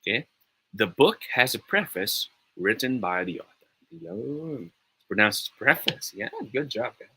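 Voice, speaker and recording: Upbeat Filipino tutor, bright husky voice. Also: male voice, fairly low pitch, expressive, normal speed, poor audio. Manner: upbeat, encouraging, mixes in Tagalog. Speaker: online tutor. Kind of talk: live online pronunciation lesson.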